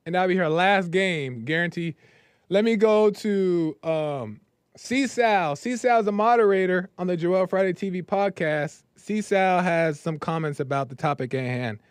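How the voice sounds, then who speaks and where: A man's voice: high voice, a little slow, smooth, no echo. A man hosting a call-in podcast, talking casually and emphatically in slang. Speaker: podcast host.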